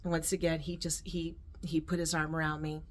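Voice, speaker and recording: A middle-aged woman telling a personal story in a heartfelt, rambling way, with restarts and soft laughs. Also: deep voice, flat delivery, a little fast. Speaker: vlogger.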